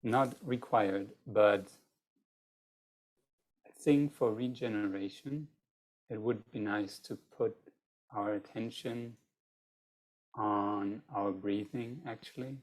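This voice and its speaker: A slow, unhurried speaker with a husky, breathy edge runs a casual online group meeting over a video call. The talk is relaxed and full of laughter and little restarts. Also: mid-range voice. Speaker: group facilitator.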